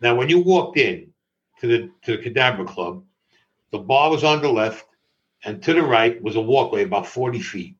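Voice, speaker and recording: A man's voice: mid-range voice, animated, moderate pace, a bit bright. An older man, an interview guest recounting a personal story in a matter-of-fact way and acting out other people's lines. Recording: dull lo-fi audio.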